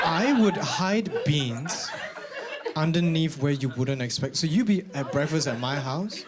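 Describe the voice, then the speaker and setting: A man performing a stand-up comedy set, animated and bursting into shouted punchlines. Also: a little high, a little slow, over a noisy crowd. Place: comedy venue with a live audience.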